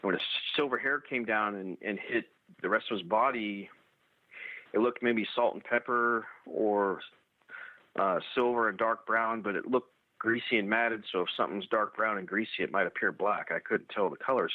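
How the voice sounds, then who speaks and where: A man telling his own encounter story in a halting way, full of restarts and fillers. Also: fairly low pitch, no echo. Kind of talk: first-person storytelling. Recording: tinny dry phone-like radio audio.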